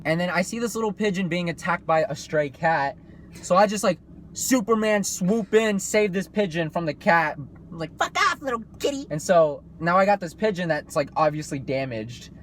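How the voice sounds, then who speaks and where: A man's voice: fairly high pitch, slight background noise. A man co-hosting a casual chat, joking crudely, laughing often and acting out quoted voices. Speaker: co-host.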